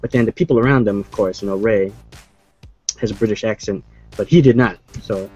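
A man's voice: on the low side, a little fast, darkish tone, slightly rough. A man hosting a casual movie chat who rambles, restarts his sentences and leans on fillers. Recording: muffled lo-fi sound with faint music.

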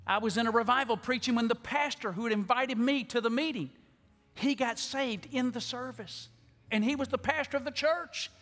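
A man preaching an altar call to a large church, pleading, repeating words, and swinging from loud appeals to hushed tones. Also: very high-pitched, fairly quick. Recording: long church hall reverb.

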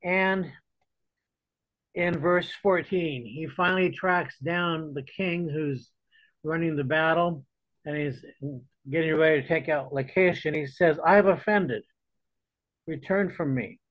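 A man's voice: a little high, fairly even intonation, measured pace, dry recording. A man teaching a church Bible study in a conversational way, often repeating words as he restarts. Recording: dull lo-fi dry recording.

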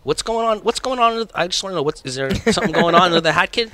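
A young man telling a rowdy story in casual talk, fast and profane, calling everyone bro. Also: high voice, animated, pushed and bright, no room sound. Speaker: guest. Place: hotel event venue.

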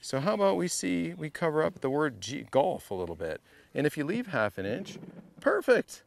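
A man's voice: fairly high pitch, big pitch swings, fairly quick, vocal fry, slight background noise. A man coaching a student through a golf lesson, playful and teasing, repeating short drill cues over and over. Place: golf academy practice area.

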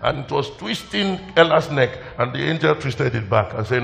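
Emotional pastor preaching. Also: male voice, mid-range voice, expressive, moderate pace, vocal fry, a bit bright. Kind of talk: sermon. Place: church hall. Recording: long hall reverb, faint music.

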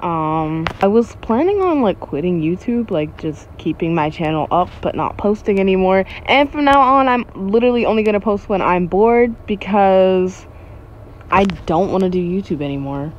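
A woman's voice: medium pitch, lively intonation, moderate pace, lo-fi sound, a little hiss or hum. A woman YouTuber giving casual gameplay commentary, jumpy and giggly with frequent startled exclamations.

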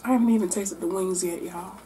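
A woman doing a mukbang-style book wrap-up, animated and exclamatory as she talks between bites. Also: mid-range voice, fast talker, background noise. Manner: animated, exclamatory, talking while eating. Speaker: book vlogger.

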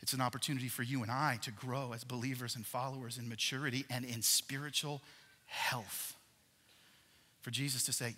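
A man preaching a sermon as a pastor, animated, swinging between loud emphasis and hushed passages. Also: mid-range voice, normal speed, breathy edge, in a large hall.

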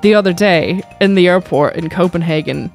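A woman's voice: lowish voice, moderate pace, creaky, a little mellow, faint music behind. A woman chatting casually on a gaming stream, playfully teasing and telling funny stories. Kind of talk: casual chat while gaming.

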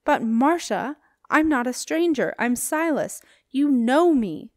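A woman's voice: high-pitched, expressive, slow, a little mellow, no room sound, clean studio sound, pitched above the performer's own voice. A woman doing a flustered male wizard. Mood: pleading. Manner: anxious, rambling. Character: flustered middle-aged male wizard, nervous.

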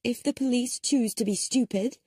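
A woman's voice: a little high, normal speed, a little mellow, slightly rough, no room sound, clean studio sound, pitched above the performer's own voice. A woman voicing a forthright older woman who speaks bluntly and emphatically, with some impatience. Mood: indignant.

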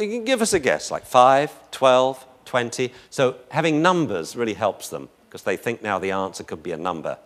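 A man giving a live lecture on dog behavior in a chatty, joking, anecdotal way. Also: mid-range voice.

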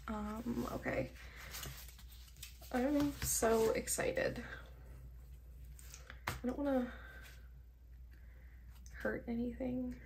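A woman's voice: high-pitched, drawn-out words, long pauses, a little mellow, a little hiss or hum. A young woman with a nasal voice, chatting casually and gushing while she unboxes her mail, cursing freely and sounding short on sleep. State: sleep-deprived. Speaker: vlogger.

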